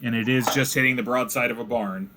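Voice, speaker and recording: A man's voice: mid-range voice, fairly even intonation, fast talker, background noise. A man narrating a tabletop game as game master, casual and chatty, over voice chat. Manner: casual, chatty, acts out goblin shouts.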